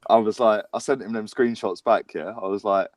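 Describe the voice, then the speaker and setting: Low-voiced man, animated. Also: brisk, dry recording. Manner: animated storytelling with laughs and slang. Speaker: football podcast host. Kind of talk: casual chat.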